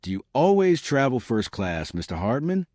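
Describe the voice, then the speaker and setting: A man's voice: medium pitch, big pitch swings, normal speed, a little mellow, dry recording, pitched above the performer's own voice, close to an everyday voice. A man doing a dry, precise detective. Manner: precise, dry, formal questioning. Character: fastidious, dry foreign detective, middle-aged man.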